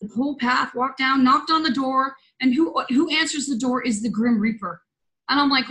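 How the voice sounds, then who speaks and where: Bright-voiced woman hosting a call. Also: high voice, brisk, poor audio. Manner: earnest storytelling, loose and conversational. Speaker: host. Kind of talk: spiritual roundtable talk. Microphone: video call.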